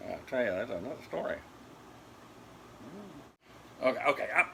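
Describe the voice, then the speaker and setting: A man's voice: medium pitch, big pitch swings, moderate pace, vocal fry, long pauses, a bit bright, a little hiss or hum. An older man telling corny dog jokes at home to his dogs, laughing at his own puns and then explaining them. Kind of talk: corny joke routine.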